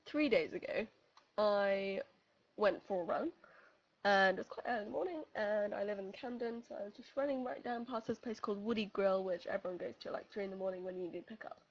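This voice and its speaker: A young woman telling friends a funny story in casual chat, animated and laughing, acting out voices as she goes. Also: medium pitch, fairly quick, muffled recording. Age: young adult.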